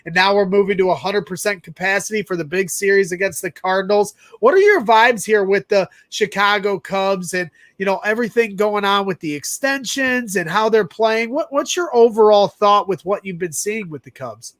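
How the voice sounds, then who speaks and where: This is a man hosting a casual sports talk show, telling stories in a lively, rambling way. His voice sits high for a man. The recording is close and dry, with no room sound at all. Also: moderate pace, hardly any pauses, no echo. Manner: animated, rambling anecdote telling. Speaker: podcast host.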